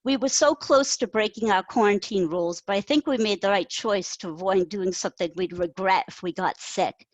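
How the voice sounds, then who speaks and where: A woman reading her own story aloud, voicing an insecure, self-doubting woman who talks earnestly and quickly. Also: medium pitch, no echo, muffled recording, natural voice.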